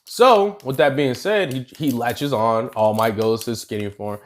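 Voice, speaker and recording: A young adult man telling an anime what-if story in a casual, slangy, animated way, talking to viewers as y'all. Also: mid-range voice, unhurried. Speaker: YouTuber.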